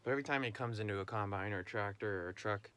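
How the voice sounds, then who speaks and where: A man's voice: on the low side, very fast, fairly bright tone, clean tone. A young man, a farmer, talking casually to the camera in a vlog with chatty, joking asides. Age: young adult.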